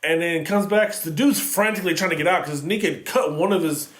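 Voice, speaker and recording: A man co-hosting a casual review chat, recapping scenes in an animated way and swearing freely. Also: a little high, a little fast. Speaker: co-host reviewing a TV episode. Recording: echoey room.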